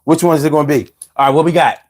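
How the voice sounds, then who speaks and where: A man's voice: on the high side, fairly even intonation, racing, darkish tone. A middle-aged man hosting a casual live stream, reading viewer comments aloud and answering in a profane, rambling way with stammered restarts.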